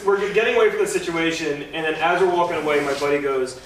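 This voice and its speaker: A young man doing stand-up, rambling and self-deprecating, tripping over fillers at a slightly high pitch. He is picked up from a distance in a very echoey club, with steady noise underneath. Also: fast talker. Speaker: stand-up comedian. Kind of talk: stand-up comedy set. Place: comedy club stage.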